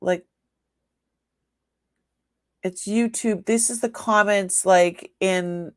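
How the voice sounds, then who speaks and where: A woman's voice: medium pitch, drawn-out words. A woman with a Boston accent hosting a live online sale, chatting casually and talking herself through on-screen steps. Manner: chatty, talks to herself while working the screen; excited squeals when announcing a winner. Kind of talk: live-stream chat.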